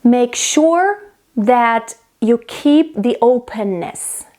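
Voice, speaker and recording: A woman's voice: fairly high pitch, expressive, drawn-out words, darkish tone. A young woman teaching vocal technique, explaining step by step and breaking off to demonstrate sounds. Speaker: singing teacher.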